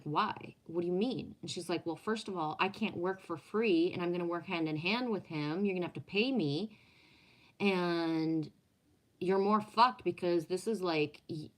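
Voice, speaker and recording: A woman with a slightly low voice tells a personal story in casual talk. She is blunt and swears freely. She acts out the voices of the people she quotes. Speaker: former restaurant owner and chef.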